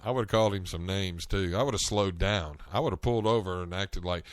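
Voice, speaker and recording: A man with a Southern US accent, from North Carolina, chatting through stories in a loose solo podcast. His voice sits very low, and the recording is dry. He talks in a relaxed way with frequent restarts. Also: fast talker, no room sound. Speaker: podcast host. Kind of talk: casual solo monologue.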